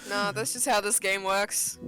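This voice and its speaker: A woman's voice: mid-range voice, steady tone, normal speed, sharp tone, soft background music, rough recording. Dry-humored female co-streamer. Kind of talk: let's play commentary.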